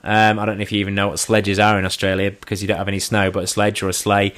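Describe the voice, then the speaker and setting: A man's voice: on the low side, monotone, very fast, fairly bright tone. An English man in his thirties telling comic stories in a dry, self-mocking way, swearing casually. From England. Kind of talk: comic storytelling.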